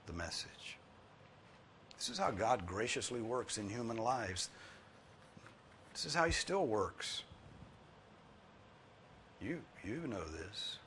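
A man preaching a sermon, earnest and pleading, repeating his points for emphasis and swinging from soft, low tones to loud, high ones. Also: slight background noise. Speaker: pastor.

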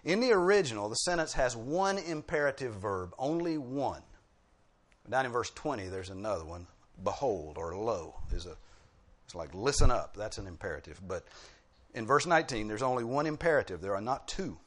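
A man's voice: mid-range voice, expressive, moderate pace. A man delivers a teaching sermon in an ordinary mid-range voice. He explains patiently like a teacher, leans hard on key words, and drops wry little asides. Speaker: preacher.

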